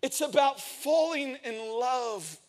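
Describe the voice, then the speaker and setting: A man in his thirties preaching a sermon, telling a lively personal story and acting out the quoted lines. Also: very high voice, slow. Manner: energetic storytelling, acts out quotes. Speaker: pastor.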